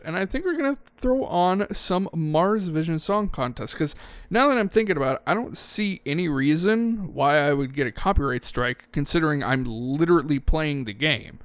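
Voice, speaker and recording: A man's voice: on the high side, smooth, dry recording. A man giving casual gameplay commentary, thinking aloud and correcting himself, with frequent swearing. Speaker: let's-play gamer.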